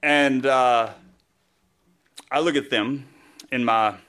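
A man's voice: mid-range voice, steady tone, slow, fairly bright tone. A male pastor giving a conversational sermon, telling a story with self-deprecating humor and a casual delivery full of fillers.

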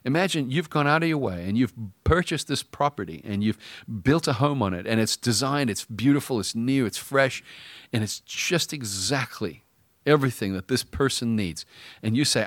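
A middle-aged man delivers a sermon in a relaxed, conversational storytelling style, slipping into little acted-out lines of dialogue. His voice sits at an ordinary pitch for a man. It is recorded close up with a dry, unreverberant sound. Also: a little fast, no echo. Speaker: pastor.

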